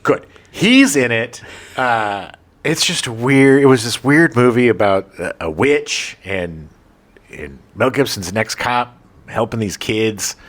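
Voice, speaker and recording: A man in casual podcast chat, bouncing between joking asides and movie opinions. His pitch swings widely and stays lively. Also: slow pace. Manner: animated, joking, chatty. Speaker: podcast co-host.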